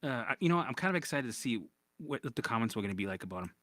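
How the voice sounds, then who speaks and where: A man's voice: mid-range voice, sing-song, rapid-fire, fairly bright tone, no echo. A man coaching viewers in a casual livestream chat, answering their comments bluntly, swearing freely and often tagging "right?" onto his points. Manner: blunt and profane, keeps checking in with "right?". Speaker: recovery coach.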